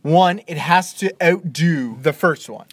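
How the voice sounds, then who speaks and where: A man's voice: on the high side, measured pace, breathy edge, no echo. A man co-hosting a podcast, bantering playfully in casual chat. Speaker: podcast co-host.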